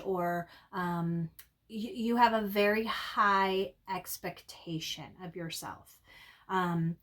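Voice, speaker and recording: A woman giving an intuitive tarot reading, talking in a halting way with many ums and restarts. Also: mid-range voice, a bit bright. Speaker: tarot reader.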